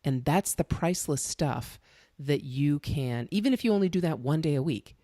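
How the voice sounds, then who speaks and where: Middle-aged female podcast host; chatty, animated storyteller; dry close recording. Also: low voice, moderate pace, no room sound. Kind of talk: casual interview chat.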